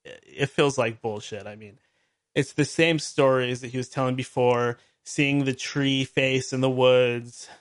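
A man's voice: medium pitch, steady tone, unhurried. A man hosting a talk show, telling a story in a casual, exasperated way with frequent restarts and wry laughs. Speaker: podcast host.

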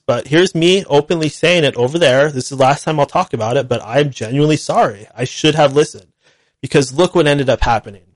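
A man's voice: on the high side, dry recording. A man hosting a call-in talk show alone, speaking bluntly and at length, repeating himself as he rants. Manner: blunt, ranting, repetitive. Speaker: radio show host. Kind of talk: solo call-in show monologue.

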